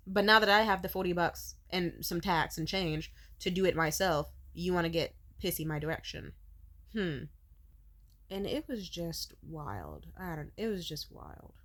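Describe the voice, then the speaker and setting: Blunt, profane woman ranting. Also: moderate pace. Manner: wide pitch swings when animated. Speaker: vlogger. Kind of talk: storytelling rant.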